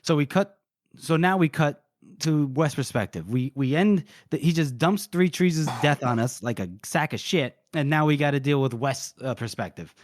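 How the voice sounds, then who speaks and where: A man's voice: fairly high pitch, animated, normal speed, dry recording. A man co-hosting a book podcast, recapping chapters in casual talk, swearing freely and acting out the characters' lines. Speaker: podcast co-host.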